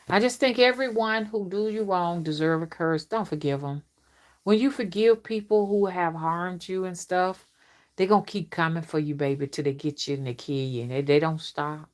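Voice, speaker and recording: Stern woman, lowish voice. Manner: stern, warning, drawn-out emphatic storytelling. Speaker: rootwork spiritual reader. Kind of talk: casual storytelling monologue to camera.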